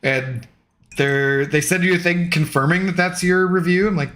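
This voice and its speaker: A man's voice: on the high side, moderate pace, a bit bright. A young adult man streaming, chatting casually with viewers in a rambling, easygoing, self-deprecating way. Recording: faint music underneath.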